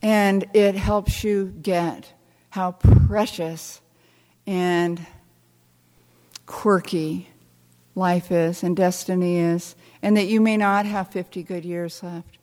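Older american woman, wry and halting, lots of restarts, big hall echo. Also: lowish voice, steady tone, darkish tone. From United States. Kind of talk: reflective storytelling talk.

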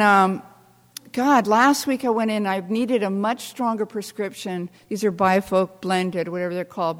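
An older woman giving a talk to an audience, telling wry, self-deprecating stories in an animated way. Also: on the high side. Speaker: speaker. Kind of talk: storytelling talk to a live audience. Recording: long hall reverb.

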